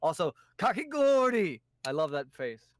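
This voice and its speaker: A man with a New York accent co-hosting a podcast, his voice smooth and fairly high. He talks bluntly and swears freely, with a dry, close sound. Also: normal speed, dry recording. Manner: blunt and profane, emphatic. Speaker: podcast co-host. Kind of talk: casual chat.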